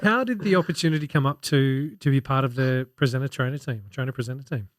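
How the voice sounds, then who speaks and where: A man hosting a podcast interview, asking questions and giving steady short affirmations while his guest talks. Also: medium pitch, fast, faint music behind. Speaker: podcast host. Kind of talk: interview, brief backchannels.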